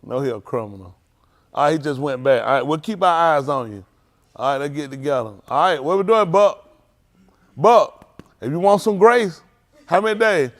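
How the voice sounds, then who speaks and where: Before starting a Bible lesson, a youth group leader at a congregation jokes around and teases the kids in the audience. His voice sits a little high, with lively intonation and a moderate pace.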